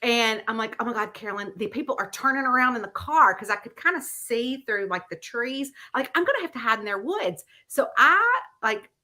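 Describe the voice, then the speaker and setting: A woman's voice: on the high side, brisk. A woman, a mystery author chatting casually to her viewers and acting out the story she tells. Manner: animated storyteller who acts out the voices in her anecdotes. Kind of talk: casual chat vlog.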